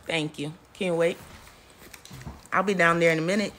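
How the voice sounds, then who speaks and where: A woman's voice: fairly low pitch, fairly even intonation, normal speed, long pauses, a bit bright. A woman filming a casual family vlog at home on her phone, teasing and chanting playfully. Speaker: vlogger. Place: home indoors. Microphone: handheld phone. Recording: noisy home phone recording.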